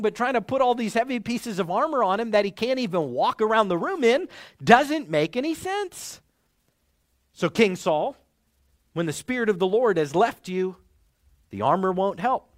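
High-voiced preacher teaching in a dry room. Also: male voice, no echo. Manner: measured, clear teaching with lively inflection. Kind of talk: sermon.

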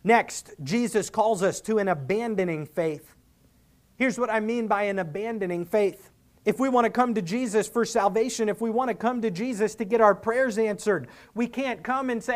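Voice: medium pitch, moderate pace. A preacher giving an expository sermon, earnest and emphatic, reasoning with the listeners and acting out quoted speakers.

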